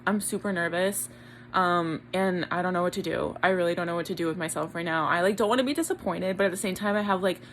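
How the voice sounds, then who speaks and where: A young woman chatting excitedly to camera in a casual home vlog. She swears a lot, rushes her words and fills them with likes and ums. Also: mid-range voice, a little hiss or hum. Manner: excitable, swears a lot, talks fast with many fillers. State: shaky and tearful with excitement. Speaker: vlogger. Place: bedroom at home, early morning.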